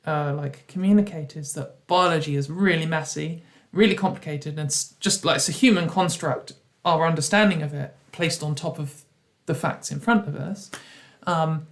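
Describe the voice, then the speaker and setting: A woman's voice: sits low, moderate pace. A woman hosting a casual livestream chat over a video call, rambling with many restarts and slipping into ironic quoted voices. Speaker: host.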